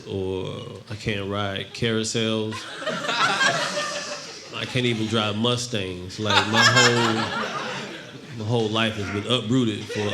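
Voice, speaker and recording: Low-voiced man doing deadpan stand-up. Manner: deadpan storytelling, acts out other voices. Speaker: stand-up comedian. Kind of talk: stand-up comedy set. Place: comedy club stage. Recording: noisy live club recording.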